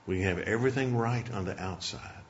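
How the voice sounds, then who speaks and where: A man's voice: lowish voice, normal speed, slight background noise. A man preaching a sermon, telling a folksy personal story and closing in prayer. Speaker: pastor. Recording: dull lo-fi sermon recording.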